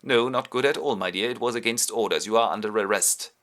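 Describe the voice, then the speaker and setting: Guy doing a stern dry duke, clipped lines, bright tone. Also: on the low side, brisk, natural voice. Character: stern middle-aged male ruler, the duke.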